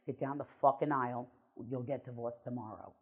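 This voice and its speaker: A woman's voice: very deep voice, brisk, darkish tone, slightly rough. A middle-aged woman, a guest on an interview show, telling her life story bluntly and emotionally, with some swearing.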